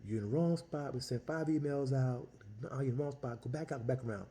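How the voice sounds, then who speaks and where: A man's voice: medium pitch, fast talker, warm tone, voice pushed up, close to an everyday voice. A man voicing an older male event organizer who scolds urgently and repeats himself. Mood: urgent, scolding.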